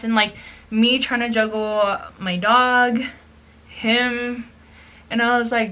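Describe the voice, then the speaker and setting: Young woman doing her makeup n telling a story, bright voice, swears a lot, drops some spanish. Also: on the high side, steady tone, measured pace. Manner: chatty, swears freely, mixes in Spanish phrases. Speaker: beauty vlogger.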